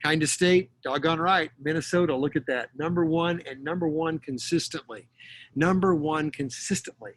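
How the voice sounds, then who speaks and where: A man's voice: a little high, moderate pace, fairly bright tone. A middle-aged man from Texas giving an online lecture, chatty and jokey with lots of fillers. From Texas, USA. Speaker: guest lecturer. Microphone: video call.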